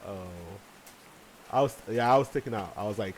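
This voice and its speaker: A man's voice: lowish voice, moderate pace, slight background noise, low-quality recording. A man hosting a let's play from a room at home, chatting casually, rambling, swearing and laughing often. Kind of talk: casual gaming commentary. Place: home room with large windows.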